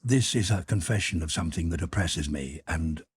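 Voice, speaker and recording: A man voicing an emotional young noblewoman, breathy and pleading, in an audiobook. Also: sits low, moderate pace, no echo. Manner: lifted, pleading, excitable delivery. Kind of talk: audiobook character voice.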